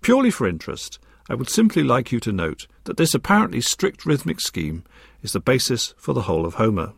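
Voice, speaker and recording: Lively, scholarly male lecturer. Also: medium pitch, gravelly, slightly rough, no room sound, studio quality. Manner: measured, precise and scholarly, with a lively rising and falling delivery. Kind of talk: recorded academic lecture.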